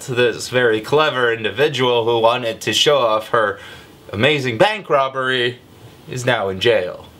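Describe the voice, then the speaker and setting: A man hosting a comedic news vlog, sarcastic and irreverent, with a deliberately lazy, low delivery. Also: pushed and bright. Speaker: vlog host.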